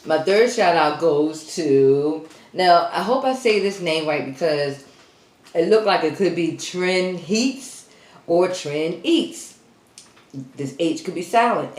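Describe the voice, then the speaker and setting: A woman's voice: low voice, a little mellow, reverberant. A woman hosting an eating show, chatting casually to her viewers between bites and getting out of breath. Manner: chatty, addresses viewers as y'all, eats between lines. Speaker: mukbang host.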